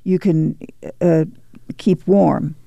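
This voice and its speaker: Male reader playing a steady rural mother ordering her family about, gravelly, dry. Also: deep voice, no room sound, lo-fi sound, heavily acted. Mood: firm. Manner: folksy rural dialect, brisk commands. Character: weary, firm farm mother running family.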